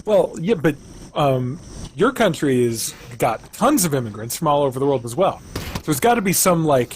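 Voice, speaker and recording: A man's voice: a little high, sing-song, normal speed, slight background noise. A man co-hosting a stream who chats playfully and poses silly hypothetical questions. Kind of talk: casual banter.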